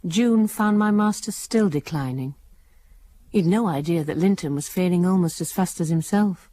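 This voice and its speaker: An actress narrating as a sober housekeeper in a radio drama, measured and quiet. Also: female voice, fairly low pitch, close to an everyday voice. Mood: reflective. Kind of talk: scripted narration.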